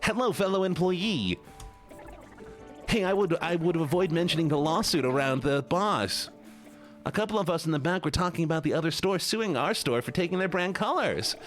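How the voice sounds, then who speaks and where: A man's voice: on the high side, expressive, moderate pace, soft background music, lightly acted. A man voicing a nervous, gossiping male coworker who shares rumors eagerly. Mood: gossipy.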